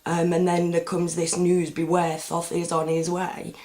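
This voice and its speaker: A woman holds a loose, chatty monologue to camera. Her voice sits a little low, and she drifts from point to point with frequent ums and half-finished words. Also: completely flat delivery, unhurried, darkish tone. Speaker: vlogger. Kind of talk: casual rambling monologue.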